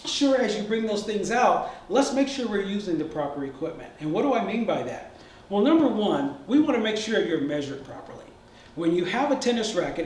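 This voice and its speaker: A high-voiced man gives an encouraging beginner tennis lesson, talking straight to his viewers. His voice sounds roomy, with the mic set well back from him. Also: recorded from a distance, slight background noise. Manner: upbeat, encouraging, addresses viewers directly. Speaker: tennis instructor. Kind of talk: friendly instructional talk to camera.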